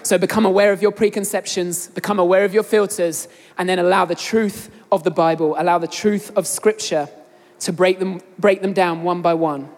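A woman's voice: lowish voice, steady tone, normal speed, darkish tone. A young woman with an English accent preaching a sermon, earnestly addressing the congregation directly. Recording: long hall reverb.

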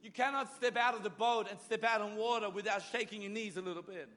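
Bright-voiced male preacher. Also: sits high, steady tone, quick pace. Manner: dramatic voicing of biblical figures, swinging loud and soft. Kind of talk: sermon.

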